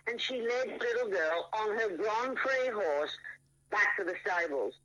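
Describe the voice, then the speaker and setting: A riding coach tells a story in a casual interview, his man's voice pitched high and very bright. He is animated, speeding up and slowing down as the story goes. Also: muffled recording. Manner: animated storyteller, shifts pace often.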